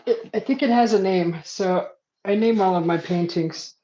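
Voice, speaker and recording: A woman's voice: mid-range voice, moderate pace, warm tone, roomy sound, muffled recording. A woman hosting a casual art livestream, hesitant and self-deprecating, chuckling often.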